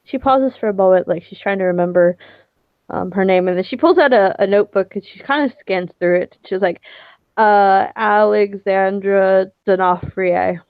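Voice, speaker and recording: A woman's voice: medium pitch, animated, brisk, no echo. A woman playing her character in a tabletop game, talking casually and hesitantly with many fillers. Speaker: tabletop player. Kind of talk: in-character role-play chat. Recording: tinny dry phone-like line.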